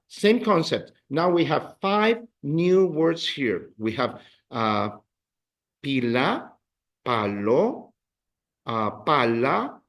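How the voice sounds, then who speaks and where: A man's voice: medium pitch, takes it slowly. A man teaching a beginner language class, explaining rules and leading drills with praise. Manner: animated, drills students with counts and praise. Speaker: Spanish teacher.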